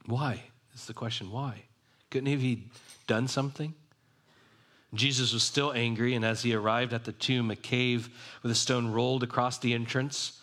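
A man's voice: medium pitch, a bit bright. A man preaching a sermon, reading a passage aloud and explaining it in a conversational way. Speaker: pastor.

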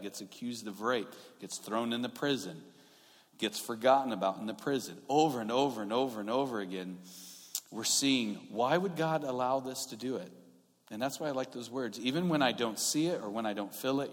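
Male pastor, sermon, chatty then emphatic, church reverb. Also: medium pitch. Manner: conversational, rising to emphatic with repeated restarts. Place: church sanctuary. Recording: long hall reverb.

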